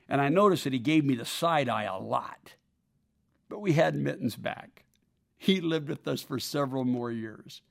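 Lively, animated male storyteller. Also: high voice. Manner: animated, acts out quoted voices. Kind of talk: personal anecdote, sermon-like storytelling.

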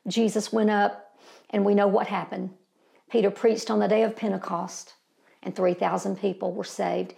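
Older woman preacher, gravelly voice, impassioned folksy sermon with emphatic peaks. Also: little pitch movement, moderate pace, warm tone. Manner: impassioned, rising to emphatic peaks then dropping low; homespun and folksy, addresses listeners as beloved and family.

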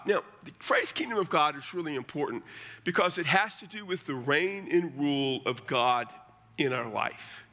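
A man's voice: fairly high pitch, animated, normal speed, sharp tone. A middle-aged man preaching a sermon as pastor, conversational and folksy with blunt asides. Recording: long hall reverb.

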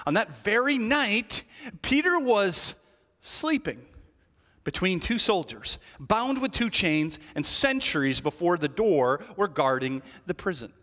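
A man preaching a sermon in a lively, conversational way, acting out small quoted voices as he goes. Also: a little high, in a large hall. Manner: animated, conversational, acts out little voices. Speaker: pastor.

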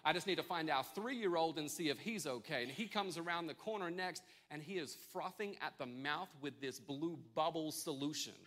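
A pastor in his thirties preaches to his congregation and opens with a comic family story told against himself. His voice sits a little high and rings bright and forward. He delivers the story with animated, self-mocking energy. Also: normal speed, hardly any pauses. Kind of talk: sermon with a personal story. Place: church service with congregation.

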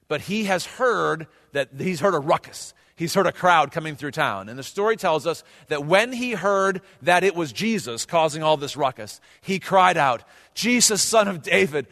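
Brief: male pastor, chatty preaching to the congregation, voice slightly higher, long hall reverb. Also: fairly bright tone. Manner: conversational preaching, addresses the congregation directly. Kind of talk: sermon.

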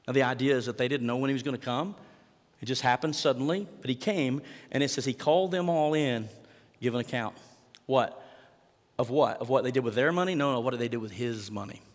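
A man preaching a sermon in a relaxed, conversational way, sometimes acting out lines from the text. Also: mid-range voice, fast. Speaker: pastor. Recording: long hall reverb.

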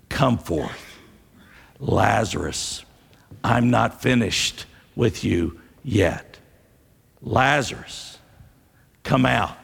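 Jesus, a calm and commanding man, speaks in a slow, hushed, solemn voice with a gravelly edge, as a preacher acts him out from the pulpit. His words ring with a long reverb through a large hall. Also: fairly low pitch, voice pushed down, full character voice.

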